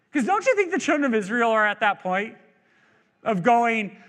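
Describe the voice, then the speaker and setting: A man's voice: very high voice, sing-song, normal speed, a bit bright, in a large hall. A male pastor preaching a sermon in a church, in a conversational, joking way that asks the crowd questions. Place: church sanctuary.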